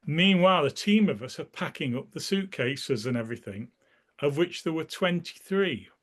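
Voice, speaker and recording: A man's voice: a little high, animated, normal speed. Rambling man telling old stories. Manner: rambling storyteller who restarts sentences often; acts out the people in his stories. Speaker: interviewee sharing memories. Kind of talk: casual spoken recollection.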